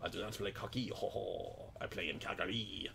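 Jolly hockey-player persona with a put-on comic accent, low and gravelly, voiced by a man. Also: moderate pace, bright, forceful tone, slight background noise, exaggerated voice. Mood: jokey. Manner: chuckling "ho, ho", speaking in first person as the players. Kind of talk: mock-accent card commentary.

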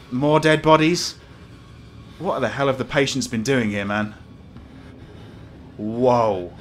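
A man's voice: mid-range voice, a little hiss or hum. Jumpy man in a horror playthrough. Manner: jumpy, swearing, nervous laughter, reacting aloud. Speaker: gamer playing a horror game. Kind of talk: let's play commentary.

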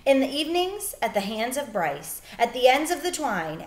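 A woman teacher reading a children's book aloud, with expressive storytelling that turns soft and hushed in the sad parts. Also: on the high side, unhurried, reverberant.

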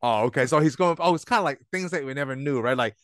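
A man chats loosely about films on a podcast, starting thoughts and leaving them hanging, and he laughs often. His voice sits at a middling pitch. The sound is close and dry, with no room in it. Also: fast talker, a bit bright, no echo. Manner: rambling, laughs often, trails off mid-sentence. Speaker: podcast co-host. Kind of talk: casual movie review chat. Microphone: own microphone, remote call.

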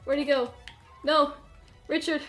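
A woman's voice: high voice, fairly even intonation, measured pace, a bit bright, faint music behind. A woman hosting her own video game playthrough, chatting casually and nervously, laughing and talking to her character as she plays. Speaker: gaming channel host. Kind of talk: casual let's-play commentary.

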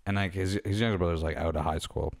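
A man's voice: deep voice, fairly even intonation, quick pace, vocal fry, no room sound, clean studio sound. A young man co-hosting a podcast, chatting casually, swearing a lot and laughing through his stories. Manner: laid-back, swears a lot, laughs while telling stories. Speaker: podcast co-host. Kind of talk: casual chat.

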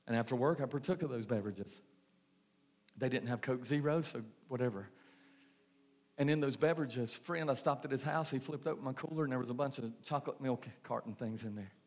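Repetitive preaching pastor. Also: male voice, mid-range voice. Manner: preaching with repetition and rhetorical questions. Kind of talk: sermon.

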